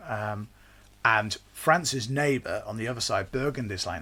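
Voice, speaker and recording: A man's voice: fairly low pitch, sharp tone, husky. Chatty man explaining history. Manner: chatty, slangy, acts out quick quotes. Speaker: podcast host.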